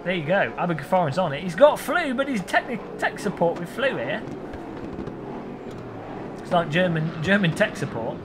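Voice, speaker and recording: Guy streaming a racing game, kinda high voice, jokey chat, car noise behind. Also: very animated, normal speed, long pauses. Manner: chatty, jokey, reads chat aloud. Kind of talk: live stream commentary while racing.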